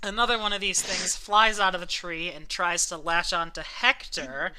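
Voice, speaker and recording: A man's voice: high voice, steady tone, moderate pace, pushed and bright, smooth. A man running a tabletop game as game master, explaining rules at length with many ums and uhs.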